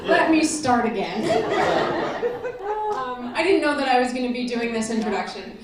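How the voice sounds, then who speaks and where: A woman's voice: on the high side, expressive, moderate pace, very noisy. A woman telling a personal story to a convention audience, chatty and openly emotional, laughing now and then. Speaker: convention speaker. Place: convention hall stage. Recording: echoey hall from far off, crowd.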